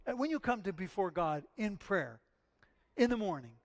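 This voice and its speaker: Male pastor, higher-pitched voice, earnest emphatic sermon delivery with repeated phrases. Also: very animated, moderate pace. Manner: earnest, emphatic preaching with repetitions.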